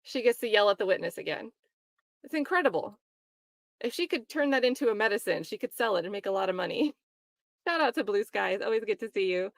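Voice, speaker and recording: Woman host, casual stream talk, mid pitch, laughs often, dry close mic. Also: animated, a little fast, creaky, no room sound. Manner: chatty, laughs often, mocks quoted voices. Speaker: livestream host commenting on a trial. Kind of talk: casual livestream commentary reading chat.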